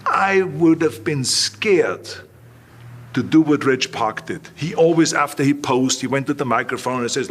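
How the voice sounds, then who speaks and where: An older man as an interview guest, telling animated anecdotes and acting out the lines of the people he quotes. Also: fairly high pitch, normal speed. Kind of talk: storytelling in an interview.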